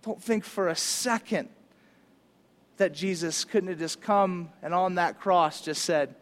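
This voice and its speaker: A male pastor preaching a sermon in an animated, casual, conversational way, using slang. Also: high voice, unhurried.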